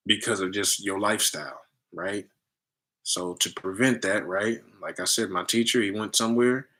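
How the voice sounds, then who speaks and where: A man with a low, bright, forceful voice talks loosely to his listeners. He acts out the people in his stories in high voices and comes back to plain talk in between. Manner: animated storytelling, acts out others in high voices; loose conversational slang. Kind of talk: casual spiritual talk.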